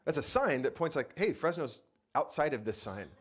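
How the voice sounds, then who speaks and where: A very animated pastor with a fairly high, slightly rough voice speaks at normal speed into a handheld mic. His sermon in the church sanctuary is casual and playful, full of chatter and questions to the congregation.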